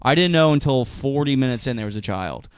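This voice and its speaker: A man's voice: medium pitch, animated, fairly quick, clean tone, dry recording, studio quality. A young adult man co-hosting a podcast, telling rambling, profane stories and laughing often. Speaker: podcast co-host, comedian. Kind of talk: casual chat.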